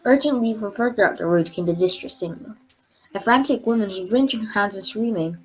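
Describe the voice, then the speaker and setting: A woman reading a book chapter aloud in a measured, expressive way. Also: medium pitch. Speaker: storybook reader.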